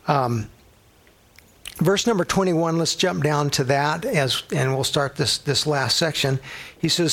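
A man's voice: fairly high pitch, a little slow, fairly bright tone. A middle-aged male pastor teaching a sermon in a conversational way, telling personal stories and using a coffee cup as a prop.

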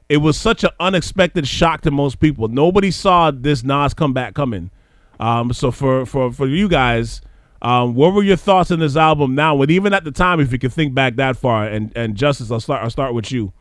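A man's voice: mid-range voice, no room sound, clean studio sound. A man hosting a casual music podcast, talking conversationally with fillers and restarts as he leads the discussion. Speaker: podcast host. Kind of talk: casual chat.

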